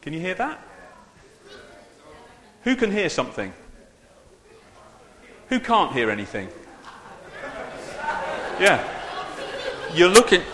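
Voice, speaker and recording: Chatty preacher in an echoey church hall. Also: male voice, high-pitched, wildly swooping pitch, slow pace, pauses often, fairly bright tone, a faint crowd. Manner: chatty and self-deprecating, with many asides to the congregation. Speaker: preacher leading a church service. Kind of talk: informal, humorous sermon. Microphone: handheld or stand microphone. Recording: echoey hall with long reverb.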